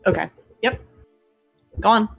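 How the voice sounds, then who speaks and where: A man's voice: high voice, a little slow, vocal fry, breathy edge, faint music behind. A man playing in a tabletop game, laid-back and joking. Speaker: player. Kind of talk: casual tabletop role-play.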